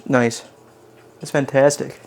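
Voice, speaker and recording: Slow and steady, this man speaks at a medium pitch with noticeable vocal fry. He's cooking on a live stream at home, wandering through casual talk with his chat and mocking himself along the way.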